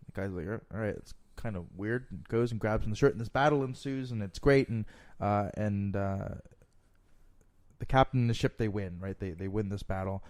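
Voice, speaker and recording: Man, low-pitched voice, relaxed joke-telling, playful. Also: moderate pace. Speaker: guest. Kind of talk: casual joke-telling chat.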